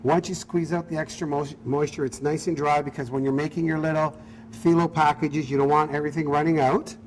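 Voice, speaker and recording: A man's voice: a little high, level tone, brisk, slight background noise. A man who is a chef, talking through a cooking demonstration in an upbeat, easygoing way. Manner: upbeat, easygoing, apologetic when teased. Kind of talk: cooking demo chat.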